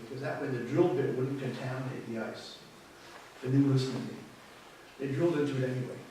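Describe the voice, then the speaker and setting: A man's voice: a little high, a little mellow, slight background noise. Rambling man in an echoey hall. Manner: rambling, repeats words as he restarts. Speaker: guest speaker. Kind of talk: public talk with slides. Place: lecture room with audience. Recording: echoey hall, mic far off.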